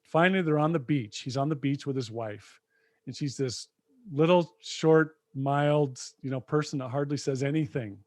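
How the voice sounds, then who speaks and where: Animated male podcast storyteller, dry mic. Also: fairly high pitch, normal speed, no echo. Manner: animated storyteller, retelling film scenes. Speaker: podcast co-host. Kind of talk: casual conversation.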